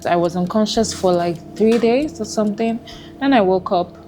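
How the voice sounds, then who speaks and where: A Nigerian woman giving a personal testimony, speaking haltingly with emotional pauses. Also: medium pitch, warm tone, faint music behind. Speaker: testimony guest.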